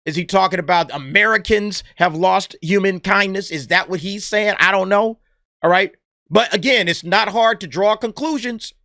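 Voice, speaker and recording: A man's voice: high voice, moderate pace, bright, forceful tone, dry recording, clean studio sound. A man ranting in an opinion commentary vlog, blunt, exasperated and sarcastic, with plenty of slang. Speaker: movie commentary vlogger.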